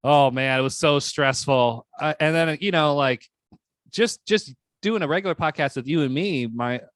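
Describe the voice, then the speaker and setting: A man telling a nervous story on a podcast, pitched a little high, his voice jumping to sudden squeaky yelps when he acts out the people in it. The room is dry and close. He talks fast and keeps restarting. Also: a bit bright, no room sound. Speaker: podcast co-host. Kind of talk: casual chat.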